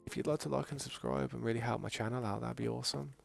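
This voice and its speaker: Gravelly Brummie man chatting on stream. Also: medium pitch, fairly even intonation, quick pace. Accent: Birmingham English. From England. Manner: rambling, chatty, reads chat messages aloud. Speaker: gaming streamer. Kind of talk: casual live-stream chat.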